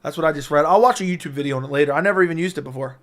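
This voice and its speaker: A young man hosting a casual livestream from a room at home, talking close into a studio mic, joking and crude, with sudden loud bursts. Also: fairly high pitch, very fast. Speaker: livestream host. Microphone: close studio mic with audio interface.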